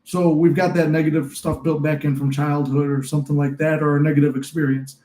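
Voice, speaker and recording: Young male host, slightly high, mellow voice, rambling, encouraging livestream talk, echoey room. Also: flat delivery, a little fast. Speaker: livestream host and manifesting coach. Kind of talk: casual live-stream advice talk.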